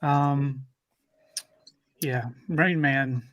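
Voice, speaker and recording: A man chatting as a guest on a casual livestream panel, slow and halting. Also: a little high, fairly even intonation, fairly bright tone, dry recording.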